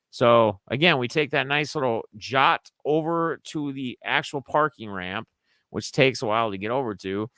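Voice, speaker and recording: A young man from Minnesota who vlogs about sports card collecting casually recaps a trip, rambling and acting out his friends' lines in raised voices. His voice is medium-pitched, brisk, and sharp, with no room sound.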